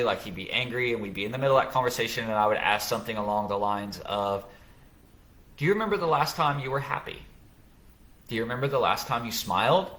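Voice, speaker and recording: A man's voice: medium pitch, sharp tone. A middle-aged man hosting a casual live podcast, thoughtfully explaining parenting ideas with examples and frequent restarts. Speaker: podcast host.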